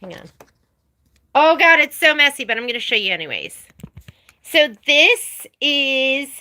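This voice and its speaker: A woman's voice: sits high, big pitch swings, a little slow, pushed and bright. A woman presenting a sewing stream from her home sewing room, chatting in a rambling way with laughing asides. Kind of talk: casual livestream chat.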